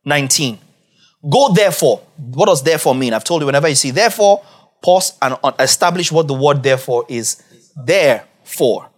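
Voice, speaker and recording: A man preaching a sermon as pastor, emphatic and repetitive, building to raised, shouted peaks. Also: on the high side, lively intonation, a little fast. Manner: emphatic, repeats key phrases, rising to shouts.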